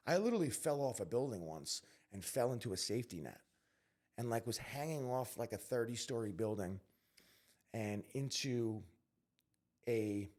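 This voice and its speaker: A man from New York, a podcast guest, telling his life story candidly, earnest and emphatic with quick restarts. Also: medium pitch, a little mellow.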